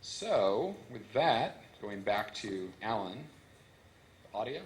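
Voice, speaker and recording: A man giving a relaxed, enthusiastic technical talk at a conference, explaining things step by step. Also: on the low side, slow pace, a little hiss or hum. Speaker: conference speaker. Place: conference hall. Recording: echoey conference hall.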